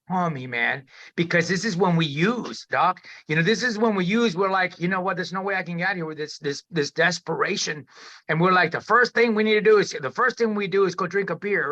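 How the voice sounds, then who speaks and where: A man's voice: a little high, pushed and bright, dull audio. A man telling his recovery story as an interview guest, in an emphatic, candid way with frequent swearing and restarts.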